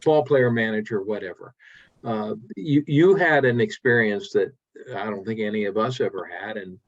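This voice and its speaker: A man's voice: lowish voice, moderate pace, dry recording. A man interviewing a guest, remarking emphatically on the story he has just heard. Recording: dry, dull lo-fi audio.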